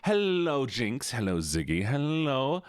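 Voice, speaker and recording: Man, streamer, casual live chat, playful, teasing, lively pitch, dry close sound. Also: slow pace, clear, resonant tone, no echo. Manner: playful, teasing, greets viewers by name.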